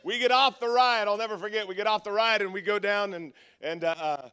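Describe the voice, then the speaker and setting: A man's voice: high-pitched, brisk, pushed and bright, smooth. A middle-aged man from Southern California, a guest pastor preaching at a conference, telling funny stories with lots of restarts and asides. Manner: humorous, self-deprecating storyteller with frequent restarts. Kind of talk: conference sermon with storytelling.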